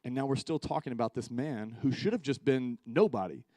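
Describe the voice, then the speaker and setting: A young man preaching a casual, conversational sermon at a church service. He acts out the quoted voices and grows more excited as he makes his points. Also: mid-range voice, brisk, dry recording. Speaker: youth pastor.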